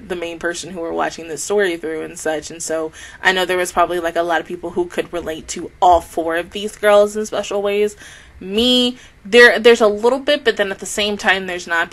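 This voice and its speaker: A woman's voice: on the low side, bright, forceful tone, low-quality recording. A woman talking earnestly and heartfelt as an anime reaction YouTuber, rambling in a casual spoken review to the camera.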